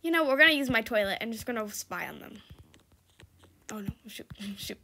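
A woman's voice: a little high, lively intonation, moderate pace, gravelly, pushed and bright, slight background noise. A young woman giving casual, giggly commentary on her gameplay, laughing often and shrieking for help. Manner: giggly, exclaims and shrieks, reads chat aloud. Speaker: gaming YouTuber.

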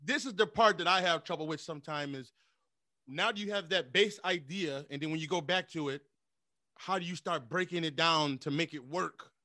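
Podcast host dude, high bright voice, laid back, real dry sound. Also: male voice, moderate pace, dry recording. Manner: relaxed, frequent "right, right" acknowledgements. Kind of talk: casual podcast chat.

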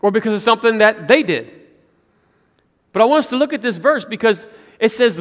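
Male pastor, high voice, playful sermon delivery with rhetorical questions; long church reverb. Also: lively intonation, fairly quick, a bit bright. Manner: playful, joking, asks the crowd rhetorical questions. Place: church sanctuary.

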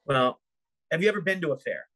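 A man's voice: a little high, sing-song, fast, bright, forceful tone. A man hosting a podcast, asking wry, teasing questions in a casual chat.

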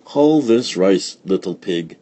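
A man reading a storybook aloud, voicing a cruel, scornful stepmother in a shrill, snapping voice. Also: big pitch swings, measured pace, dark tone, husky, exaggerated voice. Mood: threatening. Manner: shrill, snapping, mock-sweet.

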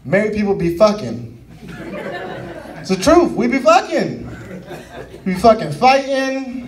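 A young adult male stand-up comedian performing a set in a comedy club. He is animated, addresses the crowd directly and chuckles through his punchlines. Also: high-pitched, measured pace, pauses often. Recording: distant stage mic with crowd laughter.

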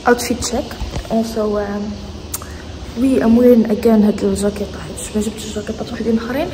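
A woman's voice: on the high side, steady tone, very fast, mellow, a little hiss or hum. A young woman with a Moroccan accent chatting casually in a vlog, switching languages freely and sounding tired and sleepy. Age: young adult. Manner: chatty, switches between English, French and Darija. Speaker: vlogger.

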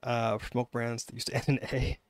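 A man's voice: medium pitch, little pitch movement, moderate pace, background noise. A man with a Canadian accent streaming a game live, rambling and chatting with viewers through lots of fillers and restarts. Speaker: gaming livestreamer.

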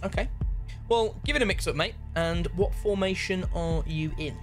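A man's voice: high-pitched, normal speed, over music. A young man casually commentating a football video game match with a friend, laughing and bantering. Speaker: gaming YouTuber host.

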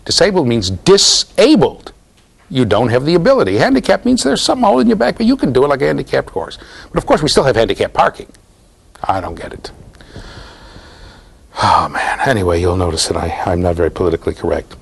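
A man lecturing a university class in a lively, jokey way, talking straight to the students. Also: mid-range voice, a little fast, gravelly, slightly rough. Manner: animated, jokey, talks to students directly.

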